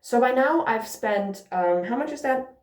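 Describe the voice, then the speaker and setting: A woman's voice: on the high side, expressive, unhurried, darkish tone. A woman vlogger telling a casual, sarcastic storytime rant and swearing freely along the way. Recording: roomy echo.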